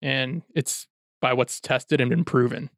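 Young man, mid-pitch, earnest and reflective, dry close mic; casual talk-show co-host. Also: steady tone, unhurried, vocal fry, dry recording. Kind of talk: casual chat.

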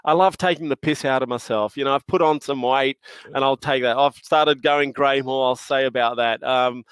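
A cheerful middle-aged Australian man chats in a loose, joking way, laughing easily as he tells stories full of slang. His voice sits at an average pitch. The sound is close and dry. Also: steady tone, normal speed, fairly bright tone, clean tone, dry recording. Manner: jovial, laughing storyteller with slang. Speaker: podcast guest. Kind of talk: casual chat.

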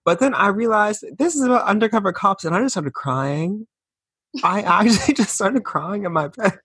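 A man's voice: high-pitched, animated, normal speed, a bit bright, husky, no room sound. A man co-hosting a casual pop-culture chat, sassy and emphatic with campy asides. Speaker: podcast co-host.

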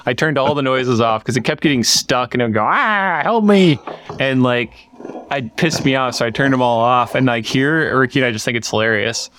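A man's voice: medium pitch, steady tone, quick pace, few pauses, fairly bright tone, a little hiss or hum. A man co-hosting a podcast in casual chat, rambling with lots of fillers and restarts. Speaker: podcast co-host. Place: workshop.

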